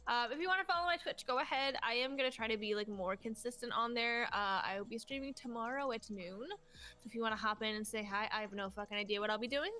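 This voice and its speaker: A young woman guest on a podcast, talking in a loose, bubbly way with a bright, forceful tone. Her voice is a little higher than most, and she drops in the odd swear word. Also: quick pace. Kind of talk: casual chat.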